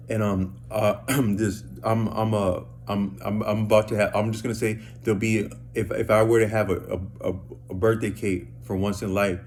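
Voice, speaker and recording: A man with a low voice tells a rambling, casual story straight to the camera. He stammers and repeats himself often, in loose slangy speech. Soft background noise sits faintly behind him. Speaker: vlogger.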